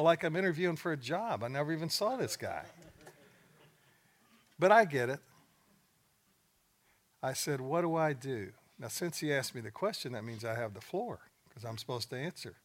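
An older man who works as a coach delivers a folksy, plain-spoken sermon to a roomful of men at a gathering, weaving in stories and joking asides. His voice sits in the mid-range with lively intonation, moving at a normal speed with frequent pauses.

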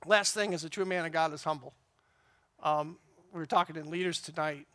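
A man's voice: a little high, steady tone, brisk, bright, forceful tone. A man giving an informal, rambling church talk to a men's group. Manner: conversational, rambling with fillers.

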